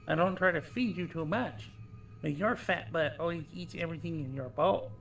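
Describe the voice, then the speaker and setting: A man's voice: fairly high pitch, moderate pace, fairly bright tone, soft background music. A man giving casual gameplay commentary and teasing his cat in a playful way. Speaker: game streamer.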